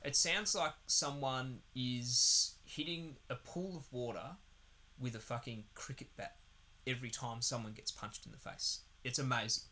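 Aussie guy ranting about a movie on a podcast, lots of swearing, bright forceful voice. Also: medium pitch, a little slow. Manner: sweary, sarcastic, rambling. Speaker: podcast co-host. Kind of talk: casual film review chat.

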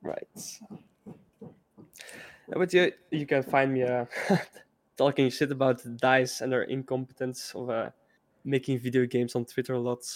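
A man from Belgium with a Belgian accent speaks as a podcast guest in a casual interview, often pausing on uh and um. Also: mid-range voice, steady tone, no room sound. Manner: hesitant, with frequent uh and um.

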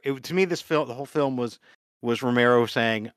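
A man co-hosting a podcast, chatting casually about films, animated, swearing freely and laughing often. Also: mid-range voice, brisk, clear, resonant tone, no echo, clean studio sound. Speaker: podcast co-host. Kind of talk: casual film discussion.

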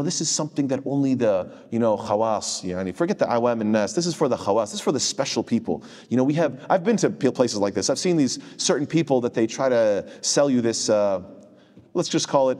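A man teaching an Islamic studies class at a quick pace, mid-pitched. He gets animated and wanders into tangents, quoting Arabic before explaining it. His voice carries a long hall reverb. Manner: animated, digressive, quotes hadith in Arabic. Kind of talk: lecture.

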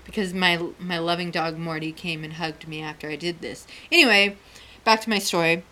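A woman's voice: fairly low pitch, steady tone, fairly quick, bright, forceful tone. A middle-aged woman co-hosting a talk show, telling a personal story frankly, swearing freely and laughing often. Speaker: podcast co-host. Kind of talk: candid storytelling chat.

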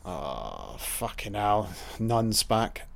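A man's voice: fairly low pitch, huge pitch swings, very slow, gravelly, fairly bright tone, a little hiss or hum. A man giving a crude, profane running audio commentary over a film, mocking the characters as scenes play.

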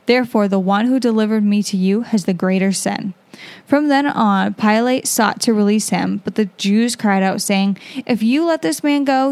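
A woman's voice: medium pitch, darkish tone. A young woman reads a Bible passage aloud and talks it over casually, earnest and plain with small fillers. Her voice sits in a middle register, recorded close and dry with no room echo. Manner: earnest, conversational, with fillers and self-corrections. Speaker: podcast host reading scripture. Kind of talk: casual Bible reading and reflection.

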